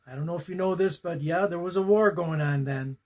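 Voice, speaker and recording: A man in his eighties telling a deadpan, wisecracking comic monologue. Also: fairly high pitch, fairly quick. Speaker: comedian. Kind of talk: stand-up comedy monologue.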